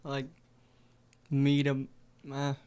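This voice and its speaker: A man's voice: mid-range voice, monotone, extremely slow, darkish tone, smooth. A man in casual podcast chat, talking emphatically and calling everyone dude. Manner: emphatic, keeps saying dude.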